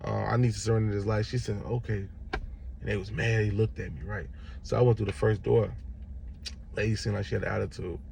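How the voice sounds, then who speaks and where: A young adult vlogger from Chicago, Illinois, casually tells his viewers a story, acting out the people in it. His voice is on the low side with vocal fry, he talks fairly quickly, and there's slight background noise.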